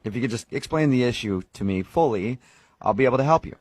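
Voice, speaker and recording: A man's voice: mid-range voice, animated, quick pace, noisy background. A man on a radio prank call, posing as a bank manager and teasing the caller in a smug voice while eating. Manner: smug, teasing, smacking and moaning over food.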